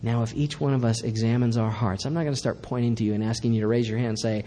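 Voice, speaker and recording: Mellow-voiced pastor preaching earnestly. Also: male voice, mid-range voice, steady tone, fast, hardly any pauses, long reverb tail. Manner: earnest, emphatic preaching with repetition. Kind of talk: sermon.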